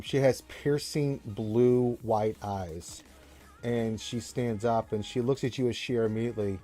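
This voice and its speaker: A man narrates a tabletop game as game master, stopping and restarting as he paints each scene. His voice is dark and mellow, with faint music under it. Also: mid-range voice. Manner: rambling, halting descriptions with many fillers.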